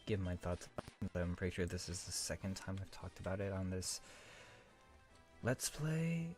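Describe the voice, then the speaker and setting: Rambling young man with a low voice. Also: completely flat delivery, a little fast, a little mellow, faint music behind. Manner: rambling, many fillers, self-mocking. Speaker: let's play host. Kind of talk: casual gameplay commentary.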